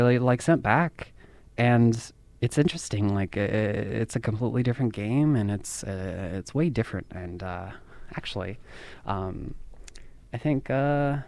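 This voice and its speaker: A man's voice: lowish voice, darkish tone, clean tone. A man hosting a podcast, talking in a casual, rambling monologue and laughing at himself. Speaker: podcast host.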